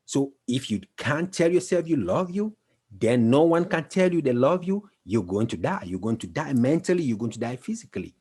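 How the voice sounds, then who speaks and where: A man's voice: medium pitch, sing-song, moderate pace, a little mellow, slightly rough. A man giving an emphatic, repetitive motivational talk, building to intense passages. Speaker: motivational speaker.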